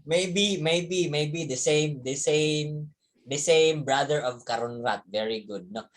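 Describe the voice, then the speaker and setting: A man's voice: a little high, takes it slowly, a little hiss or hum. A man, a teacher telling young students a story from his childhood, repeating words and chuckling as he goes. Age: 30s.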